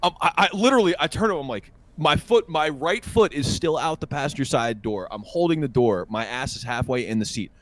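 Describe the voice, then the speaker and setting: Young male podcast host, animated and crude, tells stories with a lot of movement in his voice. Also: on the high side, a little fast, few pauses. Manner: animated, profane, acts out quotes. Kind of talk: casual storytelling.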